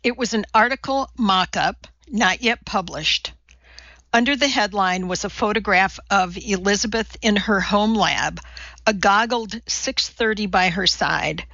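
A woman narrating a novel in an even storytelling voice, slightly muffled. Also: mid-range voice, a little slow, dry recording. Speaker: audiobook narrator. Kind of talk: scripted narration.

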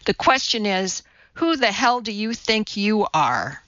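A woman's voice: mid-range voice, big pitch swings, unhurried, fairly bright tone, dry recording, highs cut off. A woman voicing a domineering, menacing male TV executive who speaks with contempt. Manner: bullying, contemptuous.

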